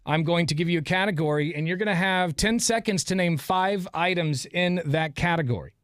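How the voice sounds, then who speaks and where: A man's voice: sits high, a little fast, fairly bright tone, dry recording. A man hosting a morning radio show, running a call-in game with teasing, blunt banter into a studio mic. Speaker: radio host. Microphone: studio microphone.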